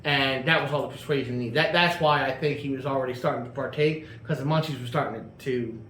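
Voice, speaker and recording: Talking fast in a fairly bright, medium-pitched voice with fairly even intonation, a host rambles through a long personal car story, full of fillers and restarts. The casual telling is recorded in an echoey room with faint ambience and slight background noise.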